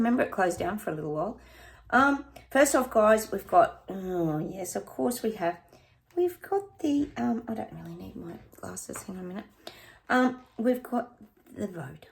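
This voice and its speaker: A woman's voice: medium pitch, gravelly. A middle-aged Australian woman chatting casually to her viewers in a rambling, friendly way, often calling them guys. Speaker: psychic vlogger.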